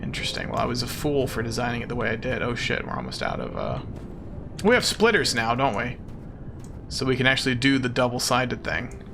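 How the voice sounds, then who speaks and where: A man's voice: medium pitch, expressive, fairly quick, gravelly, background noise. A man streaming a game as a VTuber, chatting casually with his viewers in a playful, self-mocking, jokey way.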